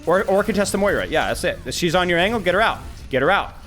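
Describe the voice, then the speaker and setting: Hyped up guy coaching a gamer on stream, high voice, swoops all over, repeats stuff a lot. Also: a little hiss or hum. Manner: animated, excitable, talks fast in bursts with repeated phrases. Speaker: game coach. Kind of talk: live-streamed gameplay coaching.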